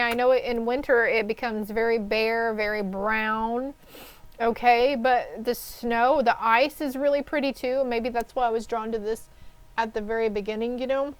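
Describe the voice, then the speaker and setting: A woman's voice: on the high side, clean tone, low-quality recording. Chatty woman giving a tarot reading. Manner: chatty, rambling and gushing, reassuring listeners with frequent "okay?". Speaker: tarot card reader. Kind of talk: casual spoken tarot reading.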